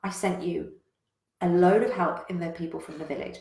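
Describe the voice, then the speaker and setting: A woman's voice: lowish voice, steady tone, normal speed, creaky, a little mellow. A woman doing an exasperated, cursing God. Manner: blunt, swearing, scolding. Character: exasperated God scolding a man. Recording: roomy echo.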